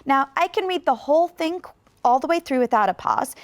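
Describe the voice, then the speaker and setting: A woman teaching English pronunciation in a video lesson, speaking slowly and clearly with deliberate pauses to demonstrate. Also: high voice, lively intonation, no room sound.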